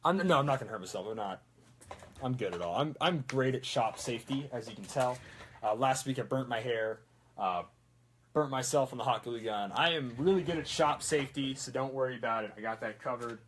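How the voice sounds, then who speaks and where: A man's voice: mid-range voice, a little fast, a bit bright, slight background noise. A man chatting casually while making a prop, rambling with self-mocking jokes. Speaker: prop maker. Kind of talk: casual workshop chat.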